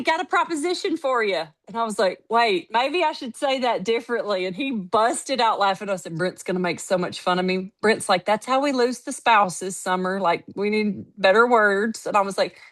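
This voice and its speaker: A woman giving a casual motivational talk, telling stories emphatically and acting out what others said. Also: mid-range voice. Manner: storytelling, quoting others, lively and emphatic. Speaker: network marketing team leader.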